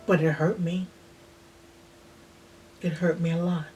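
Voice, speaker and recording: A woman in her sixties slowly telling a personal childhood memory in a reflective way, sometimes dropping to a near-whisper. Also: on the low side, flat delivery, dark tone, faint music behind. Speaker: host. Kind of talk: personal storytelling.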